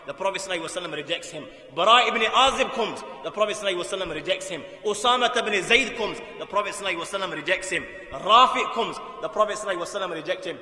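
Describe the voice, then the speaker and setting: Man, impassioned sermon storyteller, high bright voice, echoing mosque hall. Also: expressive, very fast. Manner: impassioned, emphatic storytelling with sudden loud bursts and quiet drops. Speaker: preacher.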